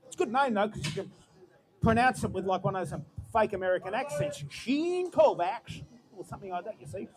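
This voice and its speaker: A man announcing lifters at a powerlifting competition, chatty and musing aloud between loud cheers for good lifts. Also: high-pitched, fast. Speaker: meet announcer. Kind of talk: live powerlifting commentary.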